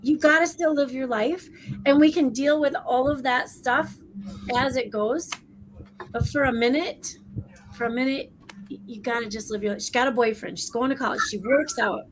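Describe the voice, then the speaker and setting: A woman co-hosting a casual online debrief, talking in a rambling, excitable way with many restarts. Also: high-pitched, moderate pace, slight background noise, rough recording. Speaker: co-host. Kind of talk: casual chat.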